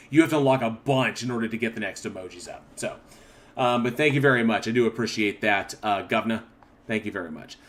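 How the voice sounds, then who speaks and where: A man hosting a casual livestream, rambling with restarts as he reads viewer comments aloud and answers them. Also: mid-range voice. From northern Oklahoma. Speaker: livestream host.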